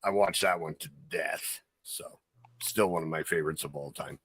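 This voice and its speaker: A man's voice: rumbling low, moderate pace, fairly bright tone, husky, no room sound. A man hosting a podcast, telling a rambling story in casual chat, full of fillers. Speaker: podcast host.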